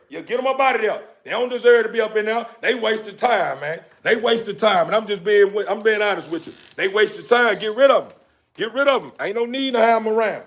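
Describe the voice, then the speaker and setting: Fired-up man with a gravelly, high voice. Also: a bit bright. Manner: preachy, repetitive, fired-up street talk. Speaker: dog breeder vlogger. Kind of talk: casual motivational talk to camera.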